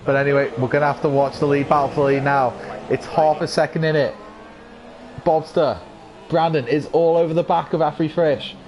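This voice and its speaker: A man with a croaky voice giving excitable live commentary on an online racing league, rising to yells at incidents. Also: on the high side, fairly quick, slight background noise.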